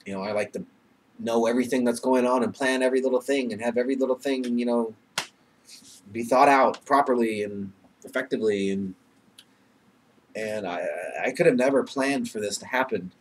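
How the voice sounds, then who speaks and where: A man's voice: medium pitch, brisk, a little hiss or hum. A young man talks into his webcam in a loose, rambling way, full of fillers and curse words. He sounds nervous and emotional, slipping into laughs between phrases, and his voice sits in an ordinary middle register. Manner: rambling, heavy swearing, many fillers. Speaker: vlogger. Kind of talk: casual webcam vlog.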